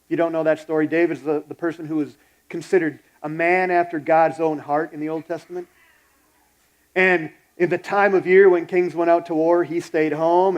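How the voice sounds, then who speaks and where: A man's voice: fairly high pitch, darkish tone, dull audio. A pastor preaching a sermon in a blunt, exhorting, conversational way, retelling a story as he goes.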